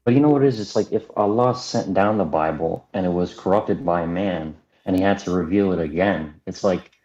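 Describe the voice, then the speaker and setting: A man's voice: low voice, brisk, darkish tone. A man calling in to a talk show, chatting casually in an agreeable, laid-back way. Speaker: caller. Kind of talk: casual call-in chat. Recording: dull, echoey call audio.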